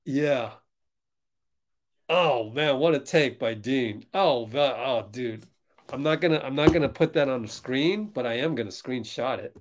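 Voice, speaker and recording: A man hosting a fan livestream, reacting loudly to a basketball game as it plays and answering viewers in chat. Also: mid-range voice, unhurried. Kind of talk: live basketball watch-along commentary.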